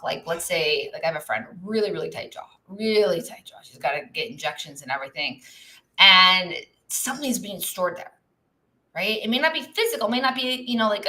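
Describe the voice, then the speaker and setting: A woman coach speaks to her live audience in a loose, chatty way, full of asides and fillers. Her voice is bright and forward, at a medium pitch for a woman. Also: expressive, moderate pace, low-quality recording. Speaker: business coach. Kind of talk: live-stream teaching talk. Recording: live online broadcast.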